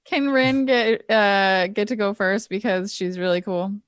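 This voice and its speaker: A woman's voice: medium pitch, steady tone, unhurried, crowd noise. A woman playing a tabletop game, making dry, sarcastic remarks. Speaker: player. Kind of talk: casual tabletop play.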